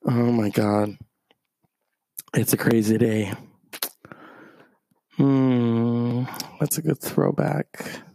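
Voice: medium pitch, little pitch movement, very slow, creaky, long pauses, warm tone, slight background noise. A streamer rambling through a profane, meandering story in a casual monologue.

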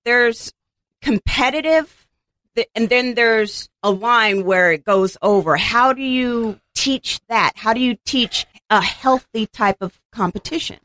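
A woman's voice: on the high side, a little slow, pushed and bright, dry recording, poor audio. A woman hosting an interview, asking upbeat follow-up questions. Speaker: interviewer host.

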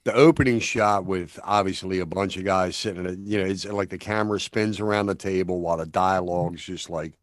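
A man with a very deep voice co-hosts a podcast about films. He talks haltingly and stammers through many fillers. The recording is close and dry. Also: steady tone, no echo. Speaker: podcast co-host. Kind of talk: casual film discussion.

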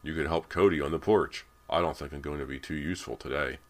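Easygoing middle-aged dad, read by a deep-voiced guy, very low and relaxed. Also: fast talker. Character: casual middle-aged father, injured.

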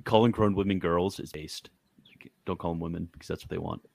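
A man's voice: deep voice, a little fast, creaky, darkish tone, no echo. A man hosting a casual group chat, reading aloud from his screen and reacting bluntly with frequent laughs. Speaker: host.

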